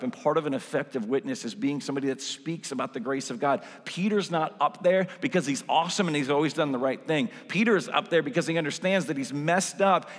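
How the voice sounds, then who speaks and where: A man's voice: fairly high pitch, a bit bright, in a large hall. A man preaching a sermon in a casual, conversational way, full of asides and "like"s. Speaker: pastor.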